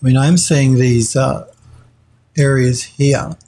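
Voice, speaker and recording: A man's voice: mid-range voice, fairly even intonation, takes it slowly, mellow, a little hiss or hum. A man streaming a live 3D modelling tutorial, thinking aloud as he works, hesitating and correcting himself while he answers chat.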